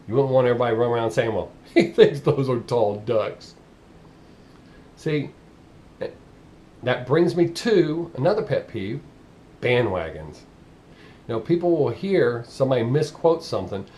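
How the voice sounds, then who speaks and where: A man's voice: mid-range voice, dark tone. A man with a Southern US accent, ranting bluntly and profanely in a casual vlog monologue. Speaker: vlogger.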